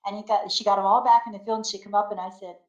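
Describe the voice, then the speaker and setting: Older great-grandma telling stories on a call, does all the voices, laughs a lot, echoey room. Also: female voice, medium pitch, very fast, muffled recording. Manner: animated storyteller acting out quotes, laughing often. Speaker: guest. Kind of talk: casual storytelling interview.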